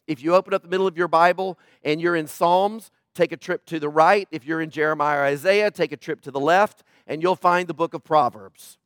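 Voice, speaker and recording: A male pastor preaching a sermon, emphatic and questioning the congregation, swinging from loud emphasis to low quiet tones. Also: fairly quick, hardly any pauses, no room sound, clean studio sound.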